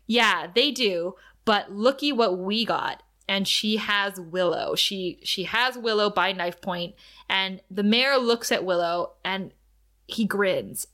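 Woman podcast co-host, bright voice, chatty episode recap, laughs a lot. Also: medium pitch. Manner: animated, laughs often, acts out quotes. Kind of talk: casual recap chat.

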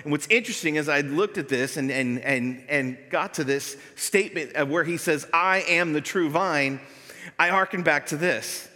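Male pastor, bright and higher-pitched, casual preaching style, long hall reverb. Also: normal speed. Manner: conversational preaching, animated when voicing the disciples. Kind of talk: sermon. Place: church sanctuary.

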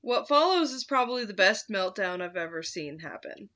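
A woman's voice: mid-range voice, expressive, moderate pace, sharp tone. A woman host casually telling a story from her retail job, laid-back, swearing freely and laughing at her own tale.

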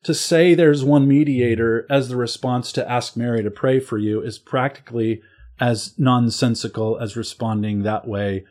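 A man talking theology with a friend, earnest and explanatory. His voice sits at an ordinary middle pitch, and he leans hard on the words that matter. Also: fairly even intonation, normal speed, darkish tone. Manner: earnest, explanatory, emphatic at key points. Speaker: guest. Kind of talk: casual theological conversation.

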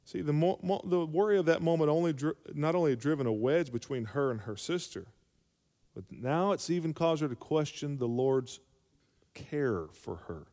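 A man's voice: a little high, lively intonation, moderate pace, dark tone. A male pastor preaching a sermon, calling for amens and rising to emphatic peaks. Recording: long hall reverb.

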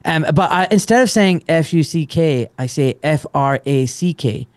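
Animated Scottish man, lively pitch. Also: moderate pace. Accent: Scottish, Glasgow. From Scotland. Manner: animated, laughs often, swears mildly. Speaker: podcast guest, surgeon. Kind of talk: casual chat.

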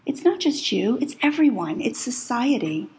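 A woman voicing an earnest female schoolteacher who lectures softly and apologetically. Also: on the high side, sing-song, moderate pace, voice pushed up, rough recording.

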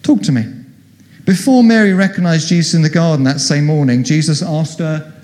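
A man's voice: on the high side, a little fast, darkish tone, big-room sound. A middle-aged man preaching a sermon, telling the story with animation and acting out the voices he quotes.

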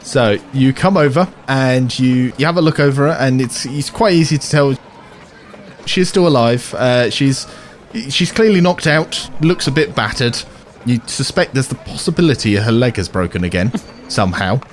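A man running a tabletop game as game master, describing scenes in a measured way. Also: mid-range voice, expressive, a little hiss or hum.

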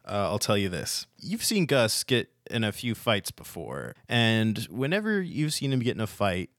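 A man narrating as game master in a tabletop game, relaxed, with fillers and restarts. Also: fairly low pitch, normal speed, dry recording, clean studio sound.

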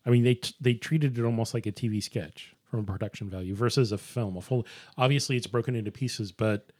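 A man's voice: medium pitch, a little mellow. Man eagerly sharing movie trivia. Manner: shares trivia eagerly, quick bursts. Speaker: podcast co-host. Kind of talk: casual chat.

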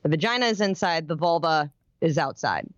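A woman therapist co-hosting, giving gentle, affirming feedback and careful clarifications. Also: deep voice, expressive, fairly quick, no echo, dull audio. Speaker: sex therapist co-host. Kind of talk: conversational commentary.

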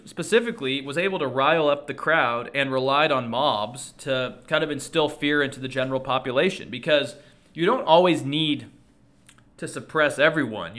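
A man with a medium-pitched, sharp voice delivers an earnest political commentary monologue to his viewers. He is measured and thoughtful but uses frequent fillers.

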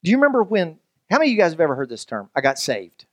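A man's voice: high-pitched, huge pitch swings, racing, darkish tone, dry recording, clean studio sound. A male pastor preaching a sermon in a loose, conversational way, joking with the congregation and often restarting his sentences.

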